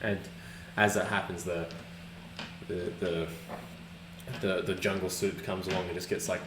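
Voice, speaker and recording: A man's voice: sits low, flat delivery, unhurried. A man narrating as game master of a tabletop game, rambling with many restarts. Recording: echoey room with background hiss.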